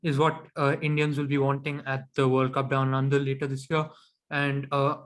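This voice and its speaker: A man's voice: mid-range voice, completely flat delivery, normal speed, fairly bright tone. A man co-hosting a podcast in casual chat, opinionated and chatty with frequent ums. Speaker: podcast co-host.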